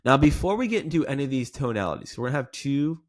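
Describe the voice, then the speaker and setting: A man's voice: medium pitch, sing-song, fast. Man coaching sales calls. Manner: demonstrative, acts out sample lines with rising inflection; coaching, repeats "okay?" often. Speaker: sales trainer. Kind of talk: sales training lesson.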